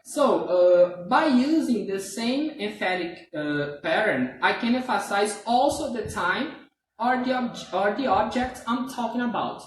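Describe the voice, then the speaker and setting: A man's voice: high-pitched, animated, measured pace. A man teaching English grammar in a live online class, patiently checking understanding again and again. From Brazil. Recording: roomy, distant from the mic, faint hiss.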